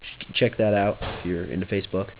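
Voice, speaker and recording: A man's voice: sits low, steady tone, fairly quick, gravelly, dull audio, slight background noise. A young man vlogging casually, joking offhand, trailing off and restarting his thoughts. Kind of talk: rambling casual vlog.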